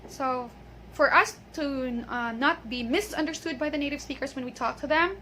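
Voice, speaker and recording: A woman teaching an English pronunciation lesson. She is patient, models each word slowly and checks in often. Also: high voice, pushed and bright, a little hiss or hum. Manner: patient, drills words and checks with "okay?"; repeats words slowly to model them.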